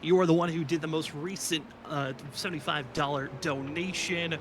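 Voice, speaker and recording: A man hosting a live sim racing charity broadcast, quick and upbeat, reading names and updates. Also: a little high, fairly even intonation, noisy background. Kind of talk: live race commentary.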